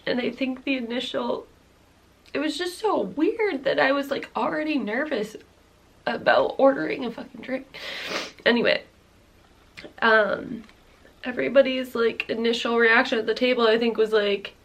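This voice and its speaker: A woman's voice: on the high side, moderate pace, pauses often. A woman in her thirties telling a personal story to camera in a rambling, candid way, full of "like"s, swearing and nervous laughs. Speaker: vlogger.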